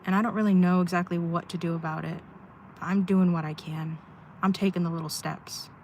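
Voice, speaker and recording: A woman with a slightly low voice talks openly on a livestream from her parked car, rambling and sighing as she vents. A faint hiss sits under her voice. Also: steady tone, fairly quick, a little mellow. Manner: rambling, sighing, heartfelt venting. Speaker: live streamer. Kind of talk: candid livestream chat. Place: inside her car at a rest stop.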